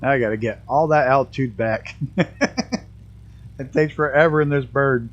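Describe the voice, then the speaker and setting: A man's voice: medium pitch, moderate pace, highs cut off. A man live-streaming a flight simulator with a mixed New York and Canadian accent touched with Southern US, laughing often and speech hampered by a damaged tooth. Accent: mixed New York and Canadian with a hint of Southern US. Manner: laughs often, excitable exclamations. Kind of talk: live flight-sim game commentary.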